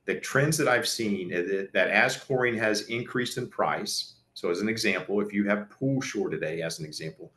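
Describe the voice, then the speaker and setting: A man with a fairly low voice gives an educational seminar talk. He is earnest and conversational and often restarts his sentences. The sound carries a noticeable room echo. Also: moderate pace, few pauses, pushed and bright. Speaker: pool service company presenter.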